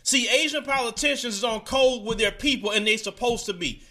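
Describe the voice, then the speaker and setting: A man's voice: extremely high pitch, brisk, bright, forceful tone. A man delivering a heated opinion monologue straight to his audience, preachy and casual, mocking the people he quotes. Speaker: commentator.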